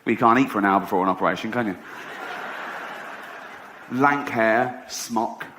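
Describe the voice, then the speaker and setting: A man's voice: fairly low pitch, normal speed, noisy background. An English man doing stand-up comedy, sardonic and profane, laughing at his own jokes.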